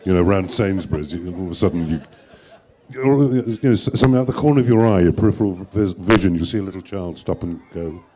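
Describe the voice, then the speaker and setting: Brief: man, fifties, low mellow voice, lively swings, stammering self-deprecating storyteller. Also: quick pace. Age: 50s. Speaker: voice actor. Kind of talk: interview anecdote.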